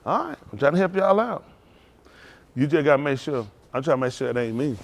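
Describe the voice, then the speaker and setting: Pastor, male, higher-pitched, preaches with a call-and-response drive, from loud to hushed. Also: a little fast, vocal fry. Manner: rousing call-and-response preaching, Southern Black church cadence; animated, swings between loud and hushed. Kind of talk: sermon.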